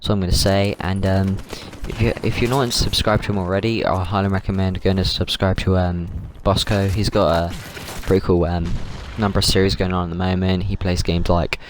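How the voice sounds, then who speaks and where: A man's voice: sits low, flat delivery, a little fast, hardly any pauses. A man host telling a story in a casual, rambling way while gaming, repeating words and saying dude a lot, on a noisy mic with clicks.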